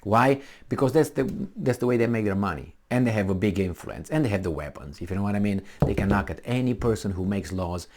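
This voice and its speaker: A man's voice: on the low side, lively intonation, fast, hardly any pauses, darkish tone. A middle-aged man giving a combative, sarcastic commentary full of rhetorical questions. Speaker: political commentator. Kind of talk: ranting commentary.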